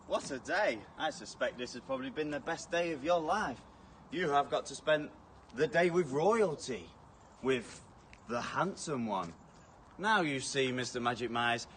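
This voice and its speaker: A man's voice: medium pitch, a little hiss or hum. A man playing a haughty, vain king who talks down to everyone in a grand, mocking manner, recorded from a distance outdoors. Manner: grand, condescending, mocking, rising to furious shouts. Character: pompous arrogant male king, haughty and vain. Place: outdoors near stables. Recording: distant outdoor clip with faint ambience.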